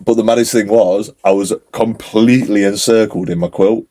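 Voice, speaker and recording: Low husky man, dark tone. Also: normal speed. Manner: animated storytelling, lots of fillers. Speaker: podcast co-host. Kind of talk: casual chat.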